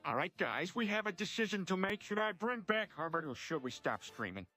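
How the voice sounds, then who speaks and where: A text-to-speech voice playing a crude, goofy cartoon father, with a flat synthetic delivery. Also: sits high, fairly quick, dry recording, faint music behind, full character voice.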